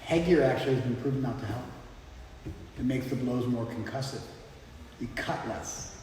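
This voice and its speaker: A man's voice: medium pitch, moderate pace, darkish tone. Man lecturing in an echoey hall. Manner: conversational, explanatory, checks in with "you follow?". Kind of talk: informal class lecture. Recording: echoey hall, mic far off, faint background noise.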